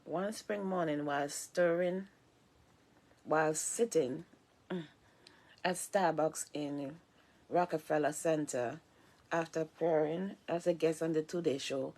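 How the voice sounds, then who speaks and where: Woman vlogger, low gravelly voice, reads aloud slowly, stumbles and restarts words. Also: darkish tone. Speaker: vlogger reading a book aloud. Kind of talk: slow reading aloud.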